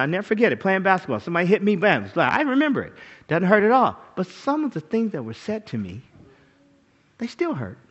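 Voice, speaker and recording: Animated high-voiced male preacher. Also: muffled recording. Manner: animated, rhetorical questions, acts out quotes. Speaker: pastor. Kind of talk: sermon.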